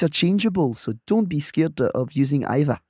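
A man's voice: a little high, lively intonation, brisk, darkish tone, slightly rough, no room sound, studio quality. Playful man teaching. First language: French. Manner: playful, repeats words when restarting. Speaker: co-presenter, native-speaker teacher. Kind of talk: casual teaching chat.

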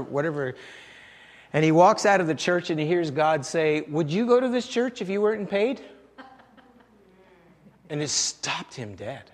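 A man's voice: on the high side, in a large hall. A male pastor preaching a sermon in a conversational, storytelling way, often chuckling.

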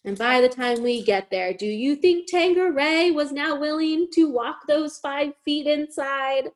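A young woman hosting a podcast, telling a long story in casual chat, animated, swearing, and saying "like" constantly. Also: sits high, unhurried. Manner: animated, swearing, heavy use of "like". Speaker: podcast host.

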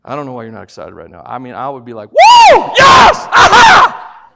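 A man preaching a sermon in church as pastor, swinging between loud preaching and quiet, joking asides. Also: medium pitch, animated, rapid-fire, gravelly, crowd noise, noisy background.

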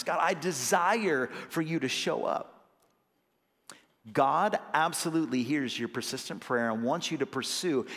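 A man's voice: on the high side, fairly bright tone, long reverb tail. A young adult male associate pastor delivering a sermon, earnest and conversational, swelling into emphatic bursts. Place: church sanctuary.

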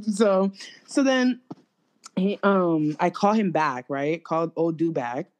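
A young woman, hosting a podcast and telling a story to a friend in a casual, animated, slangy way, full of "like". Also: fairly low pitch, takes it slowly. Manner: animated and slangy, filler-heavy with lots of "like". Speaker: podcast host.

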